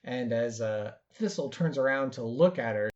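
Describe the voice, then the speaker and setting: A man's voice: medium pitch, animated, normal speed. A man narrating his character in a tabletop role-play game, hesitant, with many fillers. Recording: dull lo-fi recording.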